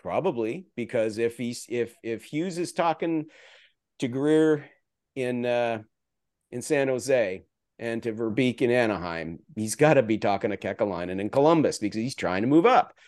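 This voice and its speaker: A man's voice: medium pitch, animated, normal speed, a little mellow, no room sound. Guy chatting hockey as a guest, rambly and jokey, mid voice, dry sound. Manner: rambling, many restarts, jokey asides. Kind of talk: casual podcast chat.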